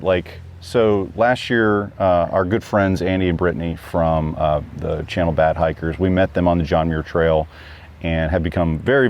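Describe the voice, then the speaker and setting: Low-voiced man chatting, rambling. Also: darkish tone. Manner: rambling, many fillers and restarts. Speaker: guest hiker. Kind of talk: casual chat.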